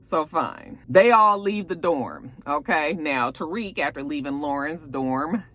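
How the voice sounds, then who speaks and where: A woman's voice: low-pitched, measured pace, no room sound. A young woman recapping a TV episode in a casual, slangy and profane way. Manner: animated, slangy, profane storytelling. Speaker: YouTube show reviewer.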